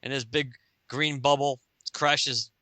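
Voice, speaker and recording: Bright, laughing male podcast host. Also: medium pitch, little pitch movement, takes it slowly, dry recording. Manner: laughs often, acts out quotes in voices. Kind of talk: casual comic book chat. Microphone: Skype call.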